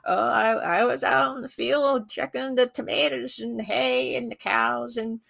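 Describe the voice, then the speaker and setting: An easygoing old grandfather from the Appalachian hills, as a woman puts him on, drawling along in a deep Appalachian accent. He rambles about his farm chores in a slow, homely way, with a lightly raised pitch. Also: steady tone, creaky, fairly bright tone, full character voice. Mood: rambling.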